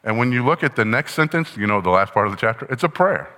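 A man's voice: mid-range voice, animated, fast, sharp tone, big-room sound. A man preaching a conversational teaching sermon, often asking the congregation questions as he explains the text. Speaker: pastor.

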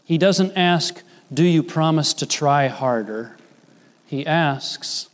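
A man's voice: animated, takes it slowly. A man preaching a sermon in an earnest, explanatory way, often quoting scripture with rising emphasis. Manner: earnest, rises in pitch when quoting Jesus and Peter. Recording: long hall reverb.

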